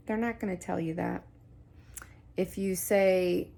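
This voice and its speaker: A woman's voice: fairly low pitch, fairly even intonation, measured pace, gravelly, warm tone. A woman coaching viewers on spiritual guidance in casual talk to camera, earnest and reassuring, repeating points for emphasis.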